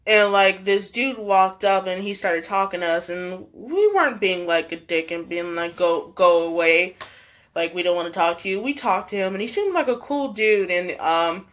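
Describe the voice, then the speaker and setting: In a chatty storytime vlog, a young woman recounts a story packed with "like", other fillers and laughter. She has a medium-pitched, slightly bright voice.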